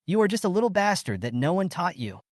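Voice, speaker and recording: Man doing a spiteful panicky young woman, sharp words, lively pitch. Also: fast talker, dry recording, clean studio sound. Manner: sharp and defensive.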